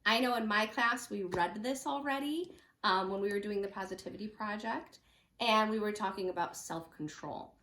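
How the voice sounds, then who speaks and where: A woman teacher reading a picture book aloud at home, with lively, chatty asides for children. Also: mid-range voice, normal speed, roomy sound, slight background noise. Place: home room.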